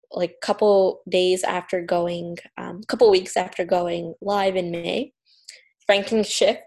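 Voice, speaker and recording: A woman's voice: fairly low pitch, a little mellow. Earnest woman author on an interview. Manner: earnest, upbeat, with fillers and restarts. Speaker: author and journalist guest. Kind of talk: promotional interview talk.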